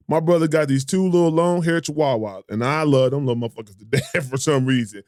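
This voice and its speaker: A man's voice: on the high side, quick pace, few pauses, a little mellow, dry recording, clean studio sound. A man hosting a casual podcast chat, reading out would-you-rather questions in a laid-back, profane way and laughing often. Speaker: podcast host.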